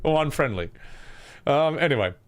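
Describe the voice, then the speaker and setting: A man's voice: fairly high pitch, expressive, normal speed. Rambling male game streamer. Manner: rambling and self-deprecating. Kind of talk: casual gameplay commentary with voice acting.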